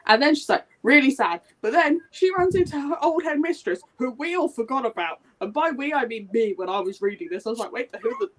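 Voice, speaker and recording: A woman in a casual book club chat, retelling a plot with lively acted-out quotes. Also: sits high, fairly quick, few pauses.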